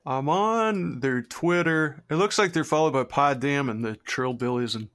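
A man's voice: mid-range voice, normal speed, fairly bright tone. A young man co-hosting a comedy podcast, chatting in a crude, easygoing way and laughing often. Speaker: podcast co-host. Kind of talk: casual comedy podcast chat.

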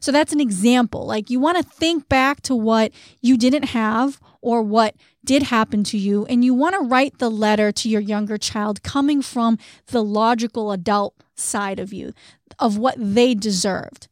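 Chatty higher-voiced woman podcast host. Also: measured pace, no room sound, clean studio sound. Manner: candid and chatty, laughs at herself. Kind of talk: casual self-help podcast talk.

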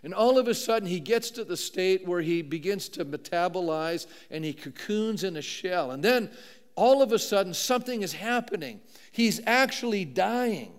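A man's voice: high voice, lively intonation, moderate pace. A middle-aged man preaching a sermon as pastor, telling a personal story in a conversational way with many asides, recorded in a church sanctuary. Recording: long hall reverb.

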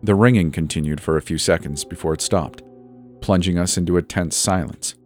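A man reading a first-person horror story in a measured, suspenseful scripted narration. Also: low voice. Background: soft background music.

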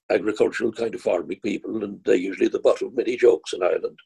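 Older male actor guest, husky gravelly voice, low-set, self-deprecating anecdotal storyteller. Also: fast talker, dark tone, low-quality recording. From London, England. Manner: rambling, self-deprecating storyteller with short laughs. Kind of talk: relaxed anecdotal conversation.

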